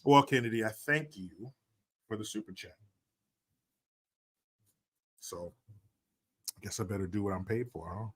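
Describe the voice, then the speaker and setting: A man's voice: lowish voice, lively intonation, unhurried, long pauses, husky. A man hosting a casual commentary show, reading viewer comments in a mocking, profane, sarcastic manner. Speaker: commentary host.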